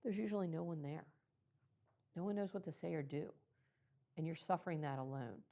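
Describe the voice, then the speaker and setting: A woman with a low voice gives an earnest, personal talk to a room of clergy. She pauses often with soft ums as she speaks. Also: dull audio. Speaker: presenter. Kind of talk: talk to clergy about baby loss. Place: meeting room.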